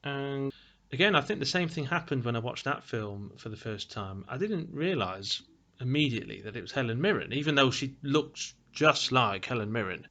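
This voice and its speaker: Male film reviewer, casual rambling delivery, mid pitch. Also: animated, moderate pace, bright, forceful tone. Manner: chatty, meandering, many fillers and restarts.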